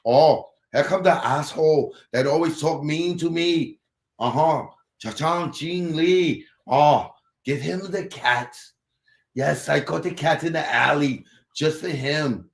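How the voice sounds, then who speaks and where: A man's voice: fairly high pitch, a little slow, creaky. A man putting on a sly restaurant worker who sounds sweet but is two-faced. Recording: roomy echo.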